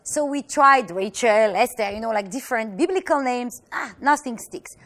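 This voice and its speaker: High-voiced woman telling a heartfelt story. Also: lively intonation, fairly bright tone. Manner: earnest, halting delivery that acts out quoted voices. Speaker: teacher. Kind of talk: personal storytelling.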